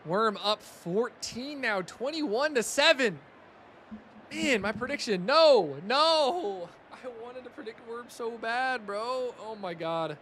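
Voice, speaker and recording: High, bright-voiced young male game commentator. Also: slow pace, a little hiss or hum. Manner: excitable, rising loud on big plays, chatty asides to chat. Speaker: stream commentator. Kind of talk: casual play-by-play commentary.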